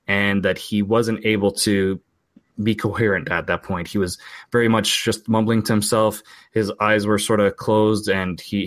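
A low-voiced man in his forties from Portugal tells a long family story in a loose, rambling way. He often restarts his sentences and acts out the people he quotes. His voice is recorded close and dry, with no room sound. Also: no room sound. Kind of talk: casual storytelling.

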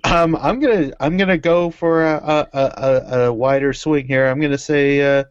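A man on a casual podcast, speaking in a measured, wry way. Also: fairly high pitch, steady tone, clean tone, dry recording, highs cut off. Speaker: podcast guest.

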